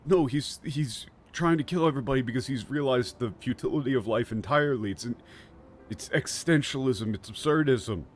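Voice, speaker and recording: A man's voice: medium pitch, fairly quick, a little hiss or hum. A man giving casual, sarcastic commentary on a game's story, swearing and laughing often. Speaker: streamer.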